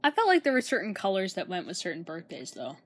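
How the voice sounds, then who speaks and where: A woman's voice: lowish voice, huge pitch swings, fast talker, no echo. A young woman chatting casually as a podcast co-host, laughing often and sometimes losing her thread. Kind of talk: casual chat.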